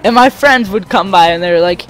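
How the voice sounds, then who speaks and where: Over soft background music and gameplay, a young let's play host tells a rambling, animated story, voicing the people in it. His voice sits high and he speaks at normal speed.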